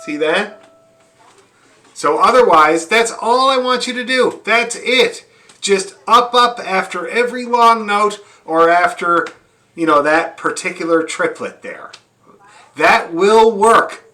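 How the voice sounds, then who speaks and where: A man's voice: high-pitched, measured pace, sharp tone. A man teaching fiddle, demonstrating bowings, counting beats aloud and often checking that his students are following. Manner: frequent check-ins asking students if they see. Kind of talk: online music lesson.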